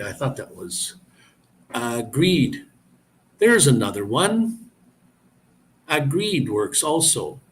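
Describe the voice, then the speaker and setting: A man hosting a live stream, telling a story and answering viewer comments in a relaxed, chatty way. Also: mid-range voice, takes it slowly, pauses often, slight background noise. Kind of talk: casual live-stream chat.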